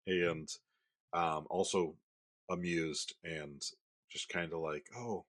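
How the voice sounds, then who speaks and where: A man's voice: sits low, little pitch movement, slow pace, a bit bright. A man in his thirties co-hosting a podcast, telling stories about his son in a rambling casual way with many restarts. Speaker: podcast co-host. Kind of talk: casual chat.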